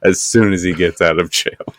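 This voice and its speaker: A man's voice: deep voice, steady tone, normal speed, a bit bright, dry recording. A man co-hosting a podcast, chatting casually with short, dry wisecracks. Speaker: podcast co-host. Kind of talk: casual chat.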